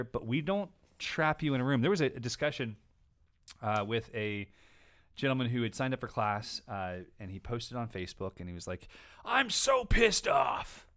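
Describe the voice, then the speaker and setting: A man chats casually as the host of a question-and-answer show. His pitch is mid-range for a man. He tells stories with animation and jumps up high when he mimics other people. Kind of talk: casual chat.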